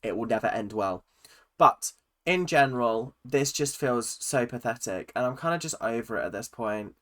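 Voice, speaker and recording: A British woman hosting a casual reaction video, sarcastic and expressive, swearing freely as she comments. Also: extremely low pitch, normal speed. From United Kingdom.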